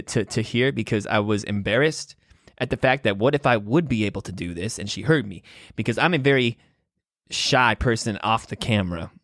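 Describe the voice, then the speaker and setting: A man's voice: mid-range voice, a bit bright, no room sound. Rambling young man, dry close sound. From Wisconsin, US. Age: 20s. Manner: rambling and hesitant, many ums and restarts, laughs often. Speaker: podcast host. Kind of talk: casual solo podcast monologue. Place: room at home with guitars on the wall.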